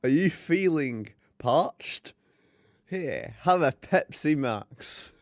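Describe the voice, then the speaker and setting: Brief: a man playing an eager soda-commercial pitchman, higher and slower than his chat. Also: animated, no echo, studio quality. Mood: mock salesy. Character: over-eager male soft-drink ad presenter.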